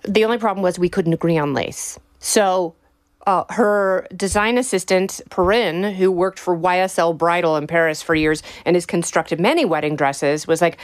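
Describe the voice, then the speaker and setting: A woman tells a personal story in a relaxed, conversational way. Her voice sits in a middle register, and she talks animatedly, with frequent ums and likes. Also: medium pitch, a little slow. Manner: animated, chatty, frequent laughs and fillers.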